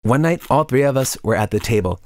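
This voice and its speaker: Man narrating an animated story. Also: mid-range voice, a little fast, no room sound, clean studio sound. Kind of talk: scripted first-person story narration.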